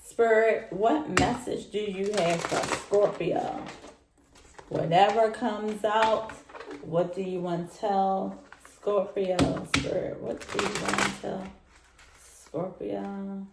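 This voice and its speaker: A woman reads tarot cards in an unhurried, drawn-out way, addressing the listener directly and circling back to the same lines again and again. Her voice carries a roomy echo, with faint noise underneath. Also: medium pitch, steady tone. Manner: repetitive, speaks straight to the listener. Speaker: tarot reader. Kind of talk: casual tarot reading to camera. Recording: roomy echoey room.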